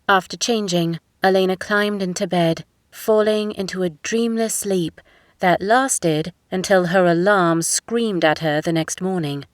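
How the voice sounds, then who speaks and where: A woman narrating a romance audiobook in a measured, even storytelling manner. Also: lowish voice, no room sound, studio quality. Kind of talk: scripted narration.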